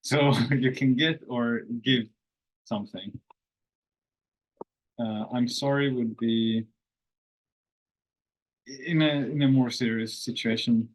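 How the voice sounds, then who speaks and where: A Finnish-speaking man hosting a casual language lesson, explaining phrases slowly with lots of fillers and thinking aloud. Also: mid-range voice, poor audio. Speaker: language course host.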